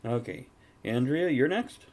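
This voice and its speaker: A man hosting a casual evening chat show, relaxed and joking as he introduces his guests. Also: mid-range voice, measured pace, heavy background noise. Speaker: host.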